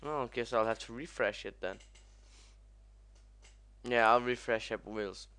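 Slow-talking young man cursing at a game. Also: medium pitch. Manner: excitable, swears a lot, yelps at crashes. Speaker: gaming commentator. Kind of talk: let's play commentary.

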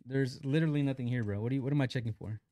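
A man's voice: mid-range voice, racing, mellow, dry recording, clean studio sound. A young man live-streaming a mobile shooter, chatting casually in slang while greeting viewers and reading chat aloud.

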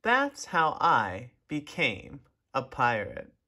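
A man reading a children's picture book aloud in an expressive, animated way. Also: medium pitch, slow. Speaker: storybook reader. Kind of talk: children's story read-aloud.

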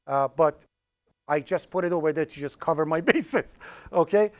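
Animated joking college lecturer, man. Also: on the high side, normal speed. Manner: joking, animated lecturer addressing students directly. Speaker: college programming professor. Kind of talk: lecture to a class. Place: classroom.

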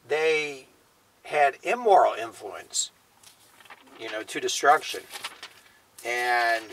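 A man teaching the Bible in a casual sermon style, often tagging his points with a quiet "okay?" or "you know". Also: on the high side, rough recording. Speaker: preacher.

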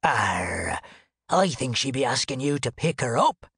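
A man voicing a gruff but soft-hearted male pirate with a hook hand, who growls "arr" and frets. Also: medium pitch, very animated, unhurried, no room sound, clean studio sound, pitched below the performer's own voice, full character voice. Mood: fretful. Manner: growls "arr" before every line, fussy and worried.

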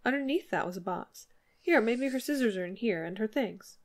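A woman's voice: on the high side, animated, moderate pace, lightly acted. Give me a woman voicing a plainspoken farm wife from a storybook. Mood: musing. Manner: plain, homespun speech.

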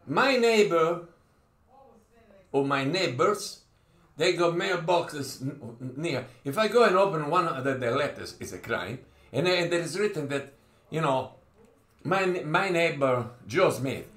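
Impassioned man preaching in an echoey room. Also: mid-range voice. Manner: impassioned, swings between loud and hushed; repeats and restarts phrases. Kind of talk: informal sermon.

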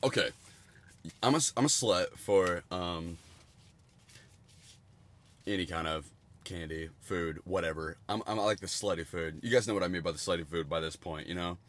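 A young man with a slightly low voice chats his way through a candy taste test on a home stream. He rambles, swears freely and jumps into loud, excited outbursts between mumbled asides. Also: normal speed, long pauses, a little hiss or hum. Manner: rambling, crude and jokey, with bursts of excitement. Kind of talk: casual livestream food review.

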